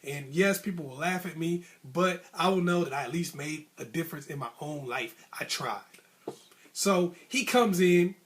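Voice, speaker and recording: Guy telling a story casual and animated, high-ish voice, slangy, does little voices for people. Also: normal speed. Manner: animated, acts out voices of coach and referee; casual, colloquial speech. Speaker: advice channel host.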